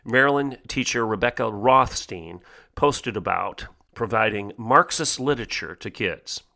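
A man's voice: on the low side, lively intonation, unhurried, gravelly, bright, forceful tone. A middle-aged man hosting an opinion podcast, reading from an article and commenting in an emphatic, scolding manner. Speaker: podcast host.

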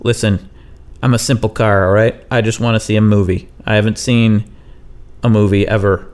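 A man's voice: fairly low pitch, fairly even intonation, normal speed, a little mellow, close to an everyday voice. A man voicing a simple-minded talking car in an improvised comedy story, speaking earnestly and plainly.

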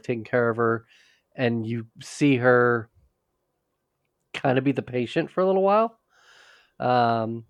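A man's voice: mid-range voice, no room sound. Man, podcast co-host, casual rambling recap, frequent restarts, dry close sound. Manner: rambling, restarts often, quotes characters in passing. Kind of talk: casual chat recapping a TV episode.

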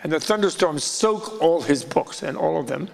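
A man casually retelling a legend in an animated, rambling way, full of asides. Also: on the high side, moderate pace, gravelly. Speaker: storyteller. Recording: long hall reverb.

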